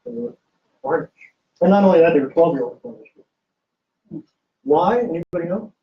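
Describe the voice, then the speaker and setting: A man giving a lively public lecture as an archivist, joking and quizzing his audience with questions. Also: high voice, normal speed, vocal fry. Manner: jokey, teasing, quizzes the audience. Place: event room with a live audience. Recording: distant, dull lo-fi room recording.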